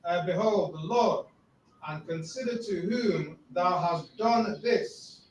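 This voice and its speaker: A man with a high voice reads scripture in slow, halting phrases. He sounds soft and unsure. He is picked up from a distance in an echoey room with faint noise behind him. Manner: slow, hesitant, soft-spoken. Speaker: student asking a question.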